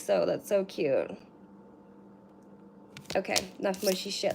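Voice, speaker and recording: A woman at home gives a loose, chatty card reading, drifting between tangents and dropping casual swears and filler words. Her voice sits at an ordinary middle pitch, and shuffling cards and clicks come through noisily behind her. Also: takes it slowly, gravelly, pauses often, noisy background. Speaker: card reader.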